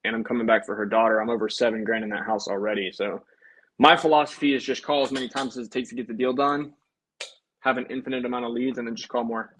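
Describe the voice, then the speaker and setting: A man's voice: medium pitch, fairly even intonation, fast, a bit bright, rough recording. A man, a life insurance agent, chatting casually to livestream viewers between sales calls in a breezy, upbeat way.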